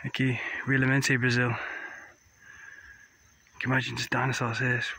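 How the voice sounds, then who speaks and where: A man from England vlogging his travels with excitement, sprinkling broken Portuguese and Spanish words into his English, outdoors in the rain. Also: mid-range voice, normal speed, creaky, slightly rough, rough recording. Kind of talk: casual travel vlog. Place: outdoors in rainy countryside.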